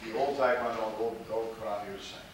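A man teaching martial arts as a rambling lecture, repeating himself and filling pauses with fillers. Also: lowish voice, fairly even intonation. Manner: digressive, repeats words, many fillers. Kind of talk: rambling lecture with audience questions. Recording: distant, very echoey, noisy hall.

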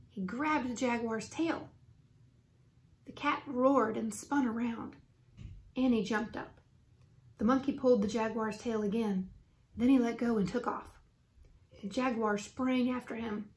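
A woman reading a children's chapter book aloud for students, with clear and expressive storytelling. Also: on the high side, a little slow, long pauses.

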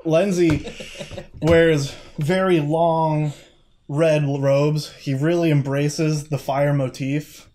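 Higher-voiced man describing his character. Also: little pitch movement, extremely slow, dark tone, a little hiss or hum. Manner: laughs often while talking. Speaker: tabletop game player.

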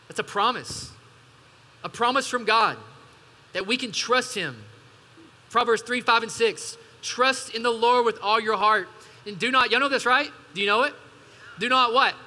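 A man preaches from the pulpit in a very high, sharp and bright voice. He pushes his points hard and throws questions to the congregation. The sound carries a long reverb from the church hall. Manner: emphatic preaching with call-and-response asides. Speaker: pastor. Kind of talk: sermon.

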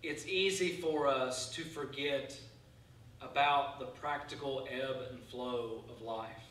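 A man pastor preaching a sermon in a church, earnest and halting, often restarting his phrases. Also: medium pitch, fairly even intonation, a bit bright, slight background noise. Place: church sanctuary. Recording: echoey church hall, mic far off.

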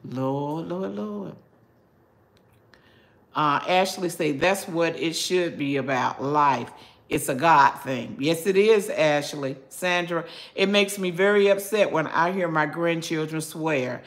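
Slow-talking older woman. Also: low voice. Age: 70s. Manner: slow, preachy, folksy Southern speech. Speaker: cooking channel host reading chat. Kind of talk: casual live chat.

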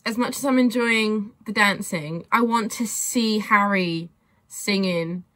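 A young woman giving casual reaction commentary on a music video, gushing and excitable and swearing freely. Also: medium pitch, slow.

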